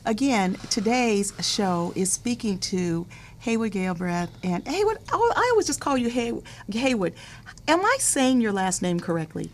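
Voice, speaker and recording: A woman with a middle-pitched voice hosts an interview show that takes callers. She talks in a chatty, easygoing way, laughs readily, and often repeats her words as she speaks. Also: big pitch swings, moderate pace. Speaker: talk show host.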